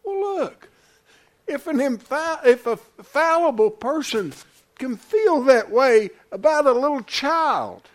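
A man preaching a sermon to a congregation in a folksy way, calling listeners honey and swinging between loud declarations and hushed asides. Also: very high voice, sing-song, slow. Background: congregation responses.

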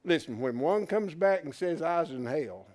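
Animated, high-voiced man teaching scripture. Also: normal speed. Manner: animated, folksy, questions the class. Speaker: Bible study teacher. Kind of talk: interactive sermon teaching.

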